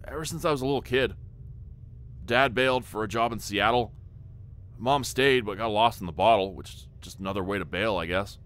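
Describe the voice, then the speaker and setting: A man's voice: fairly low pitch, fairly quick, fairly bright tone, lightly acted. A man voicing a laid-back young man from Southern California with a slurred, drawling Southern Californian accent. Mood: mournful.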